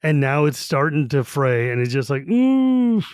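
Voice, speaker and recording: A man co-hosting a casual book podcast, animated and quick to laugh while retelling scenes. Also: medium pitch, dry recording. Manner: animated, laughs often, reads quotes in voices. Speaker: podcast co-host.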